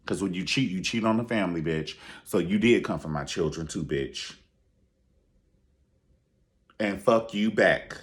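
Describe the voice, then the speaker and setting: A man giving a sassy, profane reality TV review, acting out quotes in high voices. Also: fairly quick, hardly any pauses. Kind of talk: animated casual commentary.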